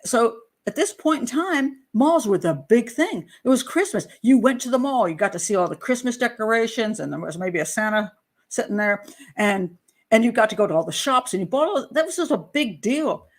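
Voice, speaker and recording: A woman's voice: on the high side, expressive, normal speed. An older woman, a criminal profiler, giving chatty, blunt true crime commentary with sarcastic asides.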